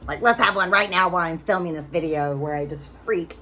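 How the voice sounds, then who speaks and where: A woman in her fifties tells a personal story straight to camera, chatty, candid and casual. Her voice sits low in pitch, and a faint background noise hangs under the recording. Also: brisk, pushed and bright. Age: 50s. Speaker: vlogger.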